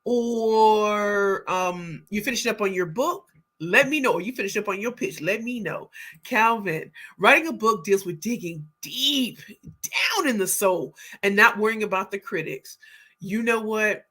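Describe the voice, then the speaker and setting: A middle-aged woman hosting a livestream, reading viewer comments aloud and greeting people by name with excited, exclamatory energy. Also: mid-range voice, measured pace. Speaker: livestream host, book pitch coach.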